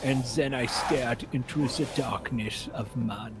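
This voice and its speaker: A man impersonating a brooding older German filmmaker in a put-on German accent, slow and solemn. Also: medium pitch, very noisy, close to an everyday voice.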